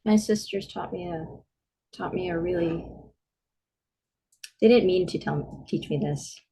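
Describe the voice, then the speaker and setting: A woman in her thirties co-hosting a podcast, telling stories in a casual, animated way and acting out the voices she quotes. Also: fairly low pitch, measured pace, vocal fry, breathy edge. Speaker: podcast co-host. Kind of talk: casual chat.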